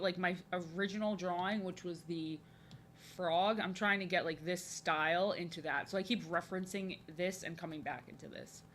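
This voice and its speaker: A young woman chatting while drawing on a live stream. She talks in an overexcited, chatty way, often repeats herself, and has a youthful voice that people say sounds like an excited little boy. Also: on the low side, slight background noise. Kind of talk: casual chat while drawing.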